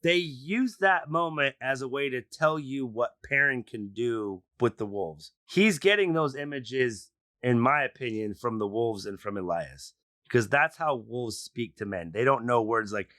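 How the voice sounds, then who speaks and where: A man co-hosting a podcast in casual chat, animated, swearing freely and trailing off into fillers. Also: medium pitch, a little slow, no room sound, studio quality. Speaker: podcast co-host.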